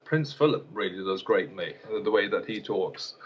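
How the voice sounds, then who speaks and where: A man's voice: low voice, animated, normal speed, lo-fi sound, slight background noise. A man, an elocution teacher, answering interview questions hesitantly, with many fillers and repeated words.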